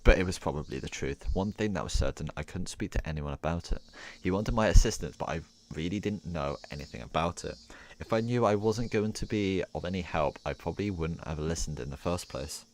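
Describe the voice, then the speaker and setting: A man streaming, reading a visual novel's text aloud, halting and restarting often, with laughing asides. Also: low voice, a little hiss or hum.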